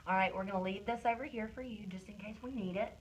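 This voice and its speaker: A woman's voice: mid-range voice, slight background noise, rough recording. Patient woman teaching phonics. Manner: slow, drawn-out modeling of sounds and words; encouraging praise. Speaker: reading teacher. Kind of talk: one-on-one phonics lesson. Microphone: phone camera.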